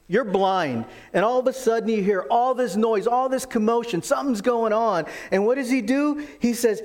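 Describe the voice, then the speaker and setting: A man preaching a sermon, animated in his storytelling and acting out the quoted voices. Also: very high-pitched, brisk, few pauses. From lived in Texas. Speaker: pastor.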